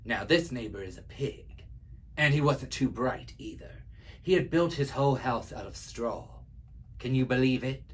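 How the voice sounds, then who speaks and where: A laid-back wolf, voiced by a man reading a storybook aloud, tells his side with a wry, confiding chattiness. The voice is husky and sits at an ordinary pitch. He sounds like he's letting you in on a secret. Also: animated, normal speed. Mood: sly. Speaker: library storyteller. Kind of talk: read-aloud children's story.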